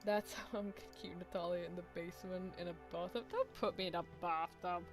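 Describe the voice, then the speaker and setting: A woman's voice: fairly low pitch, fairly even intonation, quick pace, music in the background. A British woman streaming a story game, chatting and laughing with her chat and reading the text aloud. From Britain. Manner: chatty, giggly, talks to chat.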